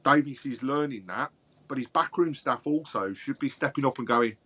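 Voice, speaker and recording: Measured man explaining football opinions. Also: mid-range voice, pushed and bright, slightly rough. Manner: measured, explains his points at length. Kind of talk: casual football chat.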